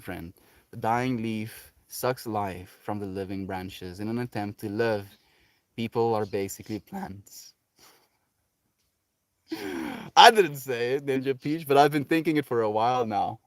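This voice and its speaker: Laid-back man chatting with his stream. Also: no room sound. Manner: reflective, laughs often, drifts into soft low asides. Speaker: livestreamer. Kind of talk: casual livestream chat reading viewer comments.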